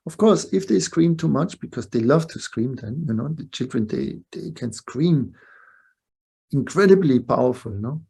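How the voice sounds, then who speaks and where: An older man teaching a spiritual class over a video call, his voice gravelly with fry and a husky edge. He talks reflectively and keeps checking in with short questions. His pitch sits in an ordinary middle range. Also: lively intonation, moderate pace, warm tone. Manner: reflective, asks the listeners short tag questions. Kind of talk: webinar teaching talk. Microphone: video call mic.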